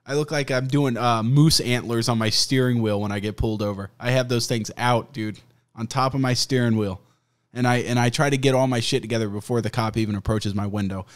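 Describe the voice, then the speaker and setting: A man's voice: mid-range voice, steady tone, fairly quick. Guy on a podcast swearing and cracking up, retelling stuff with little voices. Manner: profane, laughing, acts out quoted voices. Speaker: podcast host. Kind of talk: casual storytelling chat.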